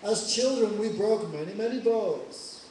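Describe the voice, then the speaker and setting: A man's voice: on the high side, fairly quick, warm tone, a little hiss or hum, natural voice. A man voicing a sarcastic, mocking young male warrior prince, heard from a distance in an echoey hall. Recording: echoey hall, mic far off.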